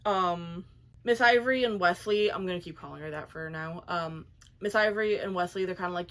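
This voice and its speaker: A young adult woman casually recapping a book's plot in a chatty, animated way full of fillers. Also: mid-range voice, moderate pace. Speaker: book reviewer.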